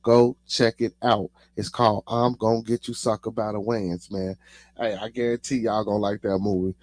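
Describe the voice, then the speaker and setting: A man's voice: on the low side, little pitch movement, moderate pace, darkish tone, no room sound. A man with a Chicago accent hosting his own podcast, talking casually to his chat and saying "man" after nearly every phrase. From United States. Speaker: podcast host.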